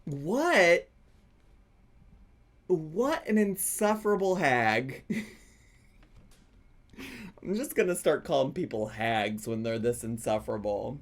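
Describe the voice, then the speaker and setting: A man's voice: mid-range voice, big pitch swings, slow, long pauses. A man hosting a reaction video, giving sarcastic commentary and laughing often between his remarks.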